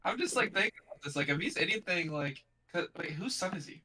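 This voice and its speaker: A man chats loudly in a casual sports podcast, thinking aloud as he talks. His voice is bright and sits a little high. He sounds eager and talkative. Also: animated, fast, a little hiss or hum, low-quality recording. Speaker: podcast co-host.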